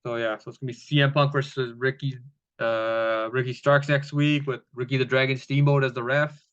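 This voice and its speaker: Casual male wrestling reviewer, mid-pitched, rambling and profane, on muffled lo-fi audio. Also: level tone, normal speed, a bit bright, clear, resonant tone. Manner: loose, rambling, profane, with laughs. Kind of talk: casual recap commentary.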